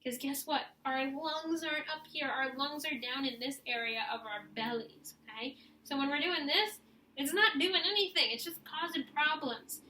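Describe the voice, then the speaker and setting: A young woman with a high, bright voice leads a class through stretches and breathing. She talks straight to the students, encouraging them and showing each sigh and deep breath herself. Her voice stays clear and lively throughout. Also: normal speed, reverberant, a little hiss or hum. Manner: encouraging, demonstrates breaths and sighs. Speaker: music teacher. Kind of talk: instructional video for young students.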